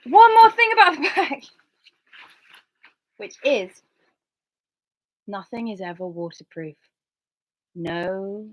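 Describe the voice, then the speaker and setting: A middle-aged woman from Cornwall, chatting casually about her hiking gear and telling lively stories. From Cornwall, England. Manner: chatty and animated, acts out dialogue in a higher voice. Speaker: hiker and vlogger. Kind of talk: casual gear talk with storytelling. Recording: slightly dull lo-fi sound.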